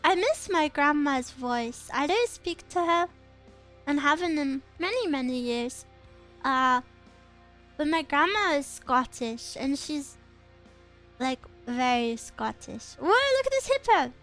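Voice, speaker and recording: A woman's voice: sits high, animated, slow pace, a bit bright, faint music behind. A young woman streaming as a VTuber, chatting casually with a rambling, giggly way of talking.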